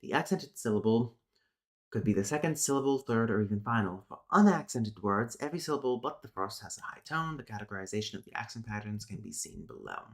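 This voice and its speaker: A man's voice: on the low side, lively intonation, quick pace. Male streamer, casual lesson host, reads notes aloud, mutters asides. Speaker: streamer teaching linguistics.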